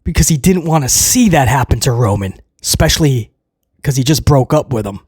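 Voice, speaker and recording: A man recapping a wrestling show in a casual, excitable way, rambling with restarts and chuckles. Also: mid-range voice, brisk, husky, dry recording, studio quality.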